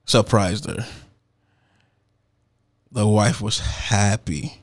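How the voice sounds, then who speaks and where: A male performance poet telling a story in a relaxed, streetwise manner. His voice sits at an ordinary middle pitch. He tells it with casual slang and lively asides. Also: moderate pace. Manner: slangy, animated retelling with laughs and acted-out quotes.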